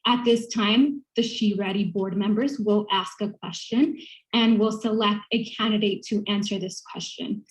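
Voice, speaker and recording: A woman's voice: mid-range voice, steady tone, normal speed, low-quality recording. A woman moderating a group interview, welcoming people formally.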